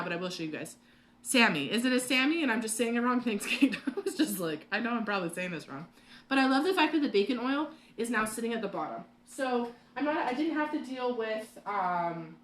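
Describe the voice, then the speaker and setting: A woman's voice: mid-range voice, fairly bright tone, a little hiss or hum. A woman hosting a live cooking class from her home kitchen, chatting and rambling with lots of fillers and laughs. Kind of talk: live cooking demo chat.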